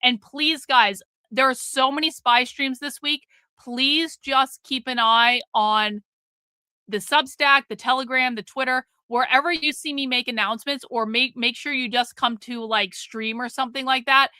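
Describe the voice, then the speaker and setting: A woman's voice: high voice, fairly even intonation, normal speed, pushed and bright, smooth, no echo. A middle-aged woman hosting a casual livestream, blunt and profane as she talks to her chat. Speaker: livestream host.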